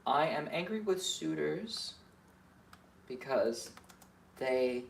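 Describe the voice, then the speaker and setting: A man with a gravelly edge to his voice talks himself through his feelings in a candid, self-questioning way. He drops to a mutter and then pushes out emphatic, profane lines. The room has a clear echo and a faint hum of ambient noise behind him. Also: on the high side, lively intonation, takes it slowly. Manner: candid, self-questioning, swings between muttering and emphatic outbursts, swears freely. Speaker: vlogger. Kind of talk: solo self-reflection, thinking aloud.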